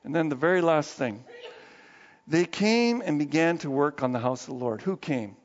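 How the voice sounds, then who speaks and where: High-voiced pastor preaching in a reverberant church. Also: male voice, moderate pace. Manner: conversational and animated preaching, swinging between low asides and excited outbursts. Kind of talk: sermon. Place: church sanctuary. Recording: long hall reverb, dull muffled sound.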